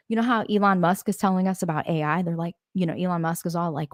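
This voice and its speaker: A woman's voice: lowish voice, fast talker, hardly any pauses, no echo, studio quality. A middle-aged woman, casually chatting and reading viewer comments, blunt and swearing freely. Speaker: livestream host.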